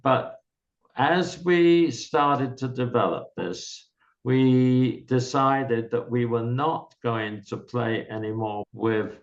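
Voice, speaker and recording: An older man, a guest in an interview, recalls his career in a measured, explanatory way. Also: mid-range voice. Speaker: guest, software founder. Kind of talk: candid reminiscing interview. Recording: slightly dull lo-fi recording.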